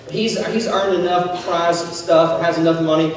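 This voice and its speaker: A man in his thirties addresses a young audience in a casual, joking storytelling style, with a fairly high pitch for a man. He teases himself and slips into the voices of people in his story. He is heard from a distance in a large, echoey hall with a long reverb and faint noise behind. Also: steady tone, moderate pace. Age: 30s. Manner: self-deprecating humor, acts out dialogue. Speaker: speaker addressing high school students. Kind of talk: casual storytelling talk with a life lesson.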